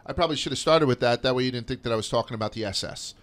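Podcast host, male, 30s, bright tone, mid pitch, loose and profane storytelling. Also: racing. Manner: rambling, profane, with lots of fillers. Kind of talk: casual podcast chat.

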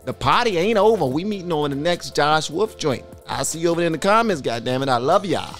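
Animated man reacting to a comedy clip. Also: a little high, a little fast, soft background music. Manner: animated, swearing, exclaiming. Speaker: reaction video host. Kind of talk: casual reaction commentary.

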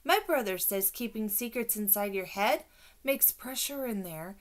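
A woman's voice: mid-range voice, expressive, measured pace, natural voice. A woman voicing a nosy, wheedling little girl classmate in an audiobook. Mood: knowing.

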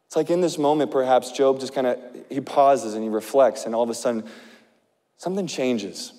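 A male pastor preaching an impassioned sermon, swinging between loud urgent passages and hushed ones. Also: mid-range voice, a little fast, in a large hall.

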